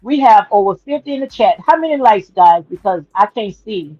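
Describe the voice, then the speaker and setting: A woman's voice: mid-range voice, lively intonation, normal speed, darkish tone, no echo, dull audio. A woman hosting a casual livestream on her phone, talking in a sassy, emphatic way, repeating her points and calling listeners "honey.". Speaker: livestream commentary host.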